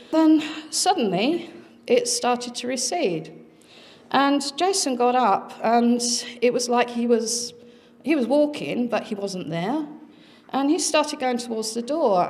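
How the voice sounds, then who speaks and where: A middle-aged woman speaking at a conference, earnestly recounting a family experience with dramatic pauses. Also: fairly high pitch, a little mellow. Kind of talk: personal storytelling talk.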